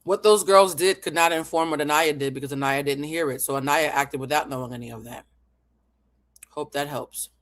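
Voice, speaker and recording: A woman's voice: deep voice, brisk. A woman hosts a live stream and picks apart what she has watched. She talks in an analytical, emphatic way and swears freely as she makes her case. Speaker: host.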